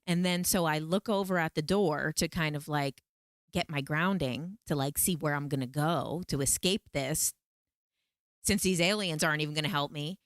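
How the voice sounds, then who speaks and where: Animated rambling woman, smooth low voice. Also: moderate pace, no echo, studio quality. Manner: animated, rambling, many fillers. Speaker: podcast host. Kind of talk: casual storytelling.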